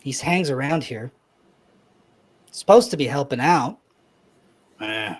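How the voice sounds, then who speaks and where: A man's voice: mid-range voice, lively intonation, takes it slowly. A man running a tabletop game as dungeon master, narrating in a loose way that is full of filler words.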